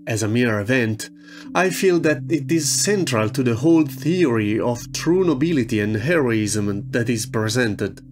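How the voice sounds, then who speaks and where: Man narrating a reflective video essay. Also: fairly high pitch. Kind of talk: scripted narration.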